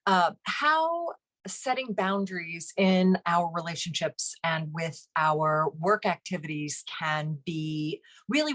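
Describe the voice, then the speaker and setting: A woman hosting a relationship advice talk, calmly explaining and acting out short examples. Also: on the low side. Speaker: relationship coach, host.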